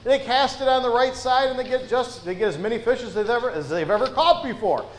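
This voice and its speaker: Male pastor, higher register, folksy conversational sermon, roomy church sound. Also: lively intonation, brisk. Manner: folksy, frequent "uh" and "right?" asides. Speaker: preacher. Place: church sanctuary.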